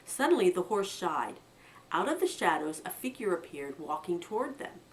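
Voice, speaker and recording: An American woman reads a children's story aloud, her pitch rising and falling with animated expression. Her voice is set a little back from the microphone, so it sounds slightly distant. She brings the quoted lines alive with brighter, higher lifts. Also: normal speed, slight background noise. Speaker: children's book reader.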